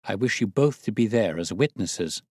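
A man's voice: on the low side, expressive, normal speed, a little mellow, slightly rough, no echo, clean studio sound. A man voicing an agitated Victorian husband in an audiobook reading, urgent and raised.

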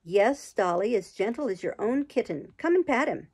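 A woman reading the lines of a kind, cheery male cab driver, gentle and decided in a storybook. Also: fairly high pitch, animated, normal speed, husky.

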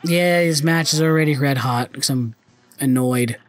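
A man's voice: medium pitch, normal speed, soft background music. A young man commenting on his own gameplay, frustrated and cursing often. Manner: frustrated, swearing, muttering.

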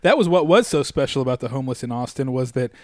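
A man's voice: mid-range voice, animated, fast, a little mellow, dry recording, clean studio sound. A man co-hosting a casual podcast chat, rambling and agreeing a lot. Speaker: podcast co-host.

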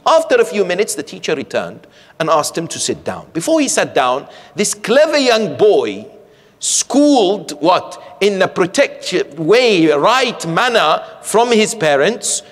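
Male sheikh, religious lecture, animated, rhetorical questions, slightly high pitch, long hall echo. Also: unhurried. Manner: animated, rhetorical, checks in with "yes?". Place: community centre hall. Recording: echoey hall.

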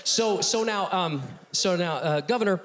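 A middle-aged male ventriloquist doing a comedy routine on a TV talk show stage. He is animated and often chuckles between lines. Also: sits high, moderate pace, a little hiss or hum. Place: TV studio stage with audience.

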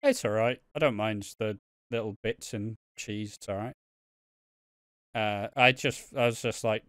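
A man co-hosting a podcast, recapping a soap opera in casual, sweary, animated rants. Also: fairly low pitch, a little slow, no room sound, studio quality. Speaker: podcast co-host.

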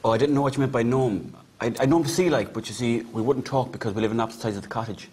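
A man's voice: medium pitch, rapid-fire, darkish tone, slight background noise, natural voice. A man playing a cheeky young Irish joker. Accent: Irish, Mayo. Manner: joking, cheeky, crude.

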